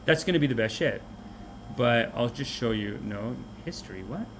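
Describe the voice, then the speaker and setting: A man hosting a podcast, delivering a comic rant of a movie review in an animated, mocking way. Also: medium pitch, creaky, noisy background. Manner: animated, mocking, puts on quick character voices. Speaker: podcast host.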